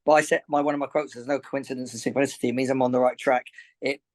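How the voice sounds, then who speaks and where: A man's voice: mid-range voice, steady tone, rapid-fire, darkish tone, rough recording. A man, a boxing coach and gym owner, talks earnestly in a podcast interview, rambling, repeating himself and getting emotional.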